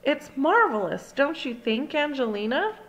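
A woman's voice: sits high, very animated, unhurried, fairly bright tone, voice pushed up, full character voice, rough recording. A woman voicing an enthusiastic grown woman ballet teacher in a storybook read-aloud, gushing and theatrical. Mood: delighted.

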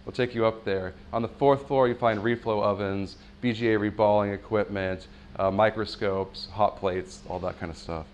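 A man's voice: on the low side, normal speed, slight background noise. A man who organizes the event, giving a casual briefing over a map of the neighborhood. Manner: relaxed, pointing things out.

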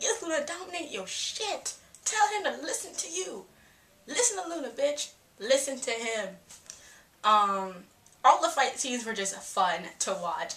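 A young woman giving a casual, profane, animated film review, often breaking into quoted asides. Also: mid-range voice.

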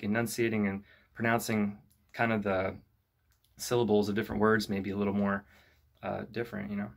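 A young man with a mid-range voice who teaches rap at a youth club explains lyric writing to camera. His talk is casual and relaxed, sprinkled with "you know" and "kinda."

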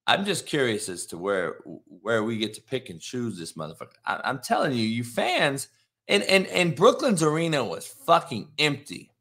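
A man hosting a sports talk show, ranting in a heated, profane way that swings from muttering to shouting. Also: a little high.

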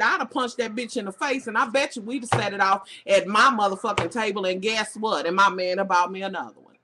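A woman's voice: a little high, sharp tone. Southern lady going off about reality tv, blunt and cussing a lot, webcam vlog. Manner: profane, blunt, sassy. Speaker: vlogger. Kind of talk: casual reality TV rant.

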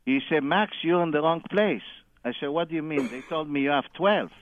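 A man phones in with a long anecdote, and he acts out every quoted line in loose, non-standard grammar. His voice is fairly high and brisk, and the audio sounds narrow and tinny.

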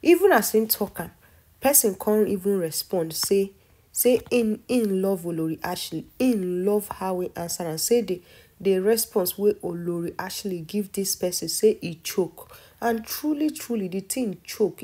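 A woman's voice: mid-range voice, mellow, husky. A woman with a Nigerian accent giving casual commentary in a vlog, talking emphatically and repeating herself for stress. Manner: repetitive, emphatic, admiring. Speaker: vlogger.

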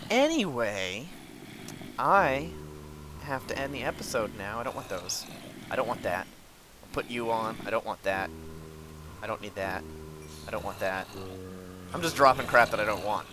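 A man giving let's play commentary, sarcastic and easily frustrated, with sudden yells at monsters. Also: mid-range voice, slight background noise. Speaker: gamer.

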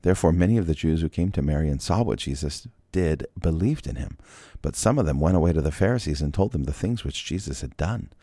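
Deep-voiced man reading scripture. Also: animated, quick pace, dark tone, dry recording, studio quality. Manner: casual, joking asides with laughs and sighs. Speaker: Bible reader. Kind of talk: scripture reading with casual commentary.

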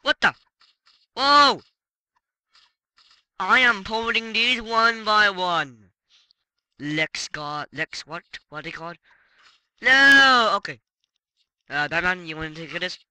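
A man narrating his own gameplay in a casual, excitable way, breaking into exclamations and swearing. His voice is very bright and piercing, and the recording is dry and close. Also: high-pitched, slow pace, pauses often, clean tone, no room sound, poor audio. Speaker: let's play gamer.

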